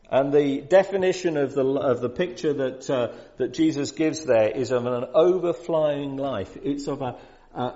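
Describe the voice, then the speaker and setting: Male preacher, sermon, conversational then emphatic, warm voice, dull lo-fi sound. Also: mid-range voice. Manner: conversational, rises to loud emphatic peaks.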